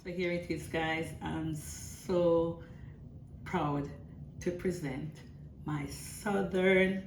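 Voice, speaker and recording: A woman hosting a casual cooking vlog, chatty and excitable, talking to her viewers as she cooks in her home kitchen. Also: fairly low pitch, very slow. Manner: chatty and excitable, often calling viewers "guys". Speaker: cooking channel host. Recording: voice far from the mic over loud boiling pot noise.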